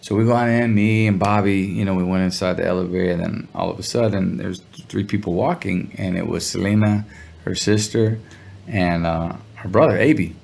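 Man, low gravelly voice, laid-back slangy storyteller, interview guest. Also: steady tone, moderate pace, a little mellow. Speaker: musician guest. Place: Los Angeles area.

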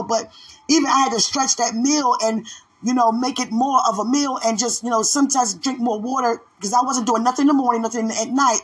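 A woman who leads a ministry, praying aloud and talking about her faith with fervent, exclamatory praise, swinging between loud outbursts and low murmurs. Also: fairly quick, breathy edge. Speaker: ministry leader. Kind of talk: spontaneous prayer and spiritual talk.

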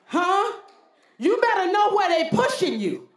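Very high-voiced and very animated, this woman pastor preaches a little slowly, her words reverberating. She talks in a folksy way and keeps calling "Huh?" to the congregation, call-and-response style.

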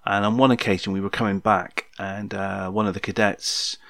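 His voice is low, a touch bright, with vocal fry and little pitch movement as this man in his sixties tells an old story at normal speed. The podcast memoir is chatty and rambling, full of ums and playful asides to listeners, recorded dry and close with no room echo.

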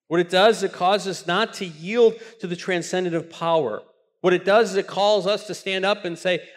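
A man's voice: sits high, fairly even intonation, normal speed. A man preaching a sermon with passion, often repeating words as he builds up a point. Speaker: pastor.

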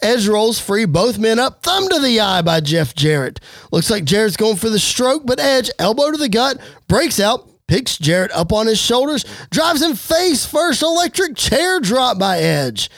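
A man giving energetic play-by-play wrestling commentary over a game. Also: very high voice, measured pace, hardly any pauses, no room sound, studio quality. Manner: energetic play-by-play, occasional slips. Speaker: game narrator.

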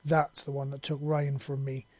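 In a man's storybook reading, a fierce young alien warrior woman growls her demands. The voice is husky with a flat, even line, and the recording is dry. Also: mid-range voice, moderate pace, no room sound, lightly acted. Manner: growling, furious.

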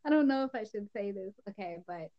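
A teenage girl co-hosting a podcast tells a story in casual chat, full of giggles and bursts of laughter. Her voice is medium in pitch, animated and fairly quick, and the recording has its highs cut off.

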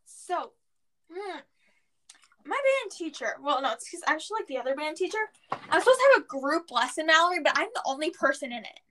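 A woman's voice: high-pitched, expressive, a little fast, sharp tone. A teenage girl co-hosting a podcast in casual chat, joking and sarcastic. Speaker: podcast co-host.

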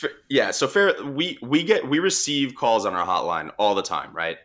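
A young man with a Long Island accent, telling a work story in a relaxed, chatty way, with lots of restarts and fillers. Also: mid-range voice, moderate pace. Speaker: marine mammal responder. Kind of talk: casual storytelling conversation.

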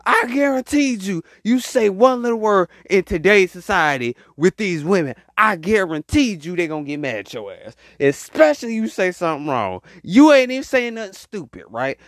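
A man giving casual relationship advice to women in an animated, repetitive, rambling way, often mocking. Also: sits high, normal speed, hardly any pauses, dry recording, studio quality.

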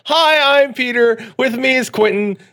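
A man's voice: very high voice, measured pace, creaky, sharp tone. A man hosting a casual podcast chat, laughing often and teasing his guests. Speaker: podcast host.

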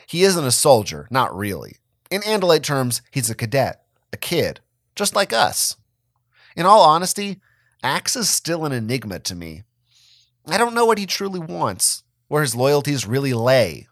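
A man giving a dramatic reading of a first-person story, expressive and wry. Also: medium pitch, normal speed, no room sound, clean studio sound. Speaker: reader of a fan story.

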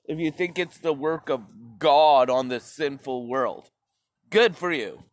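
A man's voice: on the high side, slow pace, no echo. Guy ranting sarcastic stand-up, lots of swearing, super dry close sound, takes his time. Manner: rambling, sarcastic, swears often. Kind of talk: profane ranting stand-up monologue.

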